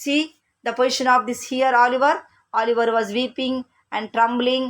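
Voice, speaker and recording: A woman's voice: on the high side, steady tone, fairly quick, fairly bright tone. A woman teaching an English reading lesson, explaining words and paraphrasing the story. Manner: explains words, switches to Telugu.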